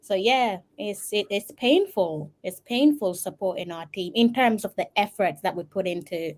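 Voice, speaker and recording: A woman's voice: mid-range voice, normal speed. A woman co-hosting a casual chat, speaking in a weary, plain-spoken way.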